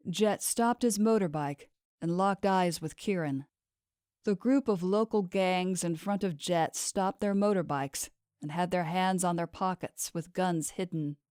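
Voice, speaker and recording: A woman narrating a fantasy audiobook in an even, measured storytelling manner. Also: fairly low pitch, clean tone, no echo, clean studio sound. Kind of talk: scripted narration.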